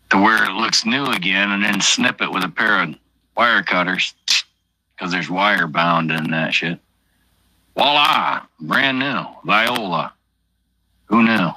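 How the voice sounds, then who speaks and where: A man's voice: fairly low pitch, unhurried, bright, forceful tone, dry recording, poor audio. A man chatting casually on a late-night livestream, rambling between stories with constant swearing and an offhand manner.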